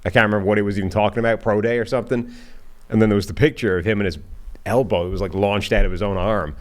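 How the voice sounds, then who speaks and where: A man's voice: fairly low pitch, fairly even intonation, rapid-fire. A man co-hosting a football podcast, chatting casually and thinking aloud with frequent "right?" tags. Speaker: podcast co-host, football analyst.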